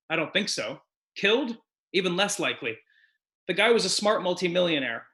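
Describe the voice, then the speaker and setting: A man giving a deadpan comedic poetry reading over a video call, reciting in a mock-solemn, theatrical way. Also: on the high side. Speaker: guest performer.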